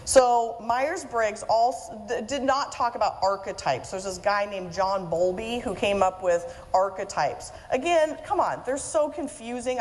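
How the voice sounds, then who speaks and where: A woman giving a humorous conference talk to an audience, chatty and self-mocking. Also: on the high side. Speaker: keynote speaker and author. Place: event hall with audience. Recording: reverberant hall, faint room noise.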